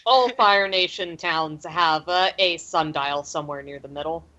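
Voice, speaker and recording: A woman's voice: deep voice, measured pace, pushed and bright. A woman running a tabletop game as game master, laid-back and wry, swearing casually. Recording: dull lo-fi audio.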